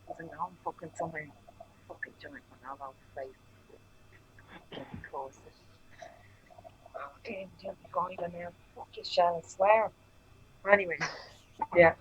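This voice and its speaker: A woman's voice: lowish voice, steady tone, moderate pace, pauses often, muffled recording, a little hiss or hum. A woman co-hosting a livestream panel, telling a heated story in a profane, angry rant over earphones on a call. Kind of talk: casual chat, heated storytelling.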